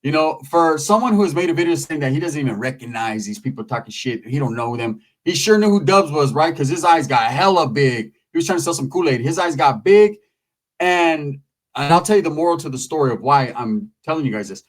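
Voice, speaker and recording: A man talking casually into the camera, telling a profane story and mimicking other people in loud, high voices. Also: animated, brisk. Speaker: YouTube commentator. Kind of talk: casual commentary monologue.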